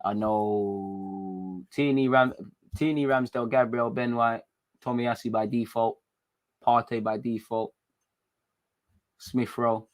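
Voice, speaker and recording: A man's voice: medium pitch, takes it slowly, long pauses. Slangy British man on a livestream. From England. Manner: slangy, animated, chatty. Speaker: livestream host. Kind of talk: casual livestream chat reading comments.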